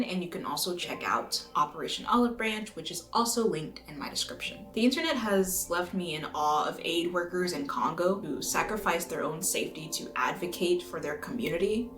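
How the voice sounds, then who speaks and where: A woman from the United States reading a scripted video essay in an earnest, measured way, now and then swearing for emphasis. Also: lowish voice, fairly bright tone. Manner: earnest, measured, occasionally profane. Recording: roomy echo with faint music.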